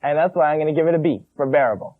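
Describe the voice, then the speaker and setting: A man with a fairly high voice talks quickly and insistently about a movie he reviewed. His enthusiasm carries through a tinny, lo-fi 1980s TV broadcast sound. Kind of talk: casual movie review chat.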